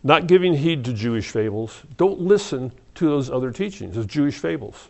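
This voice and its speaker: A middle-aged man preaching an evening Bible study, talking in a halting, conversational way with restarts and soft laughs. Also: mid-range voice, expressive, gravelly. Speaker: pastor.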